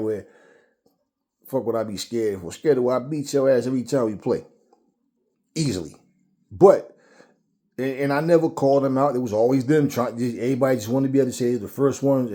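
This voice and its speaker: Male host, mellow mid-pitched voice, casual profane storyteller who rambles. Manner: profane, rambling, repeats words. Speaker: boxing channel host.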